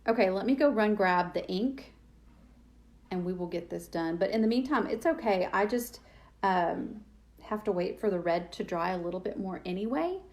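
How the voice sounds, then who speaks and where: A woman's voice: medium pitch, expressive, moderate pace. Woman, DIY host, chatty and self-deprecating, mid-range voice, talks to her viewers while crafting. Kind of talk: live-streamed craft demo, chatting with viewers.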